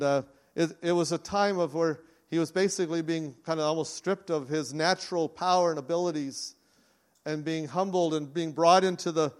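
Earnest man preaching a sermon. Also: a little high. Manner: earnest, with frequent restarts. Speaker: pastor. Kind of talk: conversational sermon.

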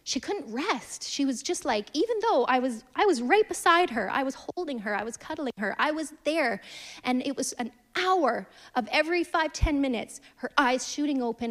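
A woman in her thirties preaching a sermon, earnest and storytelling, swinging from emphatic lines to hushed ones. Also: on the high side, normal speed.

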